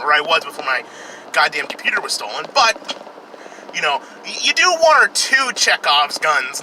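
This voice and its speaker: A man's voice: sits high, sharp tone, a little hiss or hum, low-quality recording. Profane, rambling young man reviewing a movie. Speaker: film reviewer. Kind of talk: casual film review while driving. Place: in a car, outdoors traffic.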